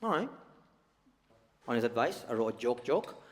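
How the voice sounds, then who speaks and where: A man's voice: medium pitch, very animated, normal speed. A stand-up comedian, a man, talking conversationally and teasing the audience on a large theatre stage. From United Kingdom. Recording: long hall reverb.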